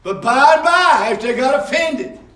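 Male pastor, folksy sermon testimony, high voice, far off in a roomy echo. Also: lively intonation, normal speed. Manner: folksy storytelling, rising to shouts. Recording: echoey room heard from afar.

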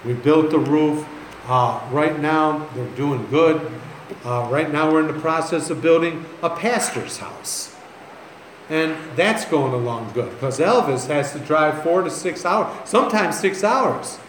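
Here a pastor with a higher-pitched, lively voice tells folksy, joking stories from the pulpit, chuckling at them as he goes. His pace is a bit slow. Slight background noise, faint ambience and an echoey room color the recording.

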